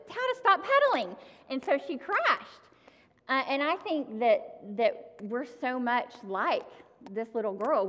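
A woman giving a sermon, talking to the congregation in a conversational way and addressing them directly. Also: mid-range voice. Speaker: preacher. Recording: long hall reverb.

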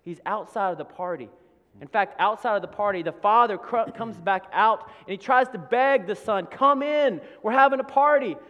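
A man's voice: sits high, moderate pace, dull audio. A man delivers a sermon in an earnest, questioning manner, turning to his listeners again and again. His voice rings with a long reverb in the room. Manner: earnest, rhetorical questions to the congregation. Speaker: preacher.

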